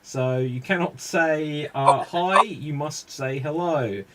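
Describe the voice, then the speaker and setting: A man's voice: fairly high pitch, slow, heavy background noise. A man with a British accent hosting a live improv comedy show, announcing scenes and explaining game rules in an upbeat way.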